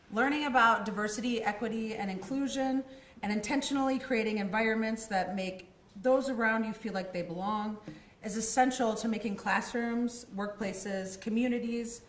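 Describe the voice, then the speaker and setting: Woman opening a ceremony in an echoey room. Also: on the high side. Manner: earnest, with frequent ums. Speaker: program manager hosting a ceremony. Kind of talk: formal ceremony welcome speech. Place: event room with an audience.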